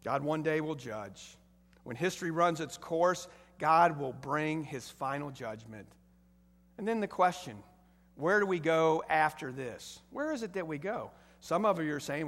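High-voiced preacher in a reverberant hall. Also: male voice, moderate pace, a bit bright. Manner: emphatic preaching with rising volume bursts. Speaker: pastor. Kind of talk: sermon.

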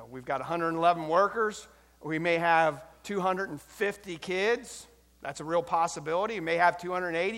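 A man's voice: high voice, a bit bright. Male pastor, sermon delivery, emphatic swells, long church reverb. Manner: emphatic preaching, swelling and dropping in volume.

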